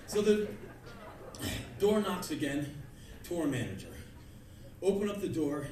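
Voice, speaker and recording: Animated male spoken-word storyteller, high, lively voice, echoey club miked from afar with crowd. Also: slow, pauses often. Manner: animated, bursts into yelling and acted-out screams. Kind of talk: live comic storytelling. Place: live club stage before an audience. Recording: echoey club heard from far off, with crowd and noise.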